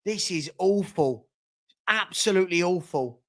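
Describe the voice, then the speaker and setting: An exasperated man with a fairly high voice hosts a live football watchalong. He calls each pass and groans at his own side's play between shout-outs to viewers. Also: expressive, a little slow. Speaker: watchalong host.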